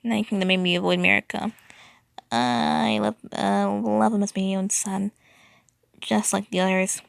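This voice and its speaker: A woman's voice: mid-range voice, flat delivery, moderate pace, vocal fry, no echo, studio quality. A woman reading aloud, voicing a pompous man who personifies Britain in a fan story, speaking stiffly with some faltering. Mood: haughty.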